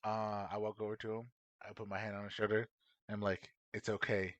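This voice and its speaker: A man's voice: fairly low pitch, completely flat delivery, a little fast, no room sound, lo-fi sound. A man player in casual tabletop game chat, laughing often. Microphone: headset mic.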